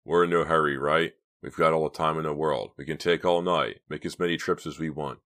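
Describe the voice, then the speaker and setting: A man's voice: very deep voice, steady tone, fairly quick, fairly bright tone. A man voicing a cold, irritable teenage boy who gives warnings. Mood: tense.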